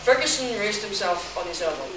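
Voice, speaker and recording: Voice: mid-range voice, expressive, brisk, a bit bright, recorded from a distance. A convention panelist reading a badly written story aloud to an audience, giggling and stumbling over the lines. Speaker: panel reader. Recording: echoey room heard from afar, noisy.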